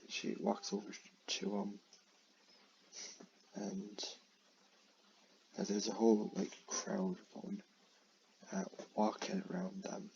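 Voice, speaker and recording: A man's voice: on the low side, big pitch swings, slow, vocal fry, pauses often, a little mellow, slight background noise. A man casually retelling a plot in a rambling way, full of fillers and restarts. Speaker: creator retelling his own film idea. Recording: dull lo-fi recording.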